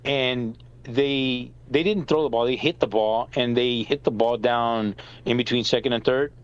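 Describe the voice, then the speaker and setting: A man's voice: mid-range voice, measured pace, clear, resonant tone, muffled recording. A middle-aged father telling family stories on a podcast, swearing freely and acting out the people he quotes. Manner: animated storyteller, swears, acts out quoted lines. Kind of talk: casual storytelling chat.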